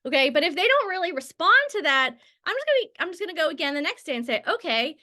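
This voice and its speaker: A woman in her thirties teaches a casual session, running off on tangents and filling gaps with "like" and "um". Her voice sits high and comes across bright and forceful. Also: sing-song, quick pace. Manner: chatty, tangents and filler words. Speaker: network marketing trainer. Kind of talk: casual training talk.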